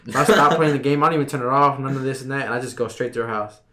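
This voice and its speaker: A young man in his twenties telling a personal story in a casual podcast chat, relaxed and full of slang and fillers. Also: medium pitch, racing, crowd noise. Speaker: podcast guest.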